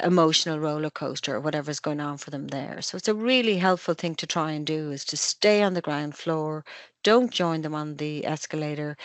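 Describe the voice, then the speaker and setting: Low-voiced Irish woman, calm webinar talk. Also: dry recording. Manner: calm, measured explaining with analogies. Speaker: family psychotherapist giving a webinar talk. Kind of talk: online webinar presentation.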